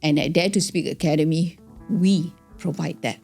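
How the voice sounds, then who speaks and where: A woman's voice: deep voice, steady tone, normal speed, vocal fry, darkish tone, slightly rough, soft background music. A middle-aged woman, a guest on an interview show, chatting casually and animatedly, acting out examples and laughing often. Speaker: guest, founder of a speaking academy.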